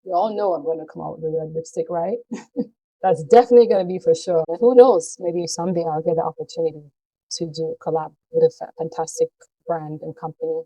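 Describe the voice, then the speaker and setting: A woman's voice: low voice, steady tone, a little fast, dark tone, husky, low-quality recording. A woman vlogger speaking to her viewers in a heartfelt, earnest way. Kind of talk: personal talk to camera.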